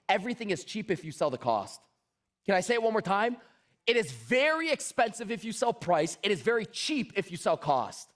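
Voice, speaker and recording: A man giving a motivational sales talk, telling a story and acting out both sides of the conversations, repeating his key points with emphasis. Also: high voice. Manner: animated, acts out both sides of dialogues. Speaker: sales speaker.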